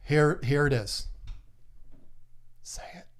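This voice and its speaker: A man's voice: a little high, animated. Playful man hosting a stream. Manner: playful, teasing, lists guesses rapidly. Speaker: livestream host. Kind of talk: casual live-stream chat.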